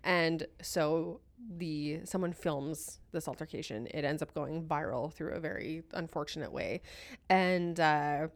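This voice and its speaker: An enthusiastic woman co-hosting a casual podcast, gushing and chatty with plenty of fillers. Her voice sits a little low for a woman. The sound is close and dry, with no room echo. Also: measured pace. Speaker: podcast co-host. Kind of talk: casual chat.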